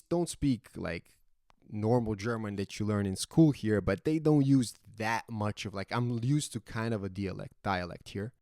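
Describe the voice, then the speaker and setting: A young man from Serbia with a Serbian accent, telling a story casually, animated and swearing freely. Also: fairly low pitch, dry recording, studio quality. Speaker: vlogger.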